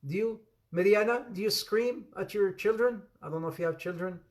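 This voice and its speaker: An Islamic teacher with a high voice speaks a little fast, leading an interactive religious lesson. He repeats phrases for emphasis, calls on students by name, and laughs often as he tosses out playful jokes.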